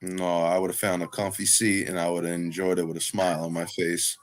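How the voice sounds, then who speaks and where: A man's voice: low voice, flat delivery, fairly quick. A man who wrestles for a living, chatting casually as a guest, talking with a slight lisp and rambling full of "like". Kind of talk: casual chat.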